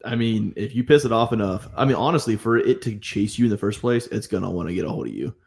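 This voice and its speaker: A man with a lowish, gravelly voice adds laid-back comments and questions to a casual chat. There's a rough fry to his voice. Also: quick pace. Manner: relaxed, chiming in with questions. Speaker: podcast co-host.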